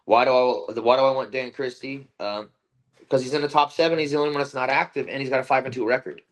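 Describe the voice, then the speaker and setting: A man who fights bare-knuckle, speaking in a loose post-fight interview. His talk is intense and full of swearing, broken up by fillers and false starts. His voice sits at an ordinary middle pitch. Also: steady tone, fast. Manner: intense, profane trash talk with many fillers and restarts.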